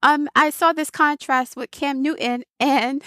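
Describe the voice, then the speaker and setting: Higher-voiced woman giving dry-sounding commentary. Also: fairly even intonation, unhurried, pushed and bright, dry recording. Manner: reflective, laughs often, repeats phrases for emphasis. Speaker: video host. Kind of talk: casual commentary to camera.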